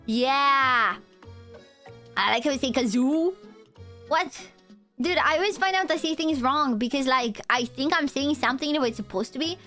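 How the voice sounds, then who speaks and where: A woman's voice: sits high, moderate pace, pushed and bright, faint music behind. Playful young woman with Romanian accent. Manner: playful, teasing, rambling. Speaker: VTuber streamer. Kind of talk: casual live-stream chat with viewers.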